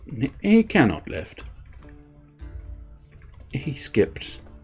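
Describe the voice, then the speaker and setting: A man's voice: mid-range voice, huge pitch swings, drawn-out words, darkish tone, slightly rough, soft background music. A man streaming a game, chatting in a rambling, giggly way with lots of restarts. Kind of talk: casual gameplay commentary.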